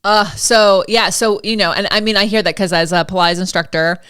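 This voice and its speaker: Smooth-voiced woman podcast host, chatty. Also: mid-range voice, steady tone, brisk, a bit bright. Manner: candid, chatty, laughs easily. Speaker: podcast host, Pilates instructor. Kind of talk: casual conversational interview.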